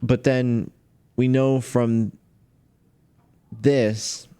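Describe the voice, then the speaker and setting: A man's voice: medium pitch, flat delivery, very slow, mellow, smooth. A man streaming a video game, musing aloud as he works out a puzzle, chuckling and trailing off. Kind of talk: casual gameplay commentary.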